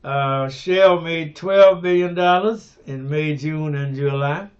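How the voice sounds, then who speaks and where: An older man preaching a radio sermon, unhurried, with many fillers and restarts, and rising to fervent emphasis on key words. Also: on the high side, muffled recording. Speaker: pastor.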